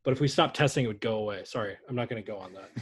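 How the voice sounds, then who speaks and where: A man's voice: fairly low pitch, racing, crowd noise. A man co-hosting a casual sports podcast, rambling and joking with frequent swearing. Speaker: podcast co-host.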